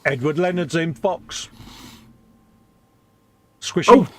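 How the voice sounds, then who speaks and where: A man's voice: on the high side, takes it slowly, crowd noise. A middle-aged British man co-hosting a casual live stream, greeting viewers and reading their messages in an easygoing, chatty way. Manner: relaxed, chatty, reads viewer messages aloud with friendly greetings. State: a bit subdued after a hospital visit.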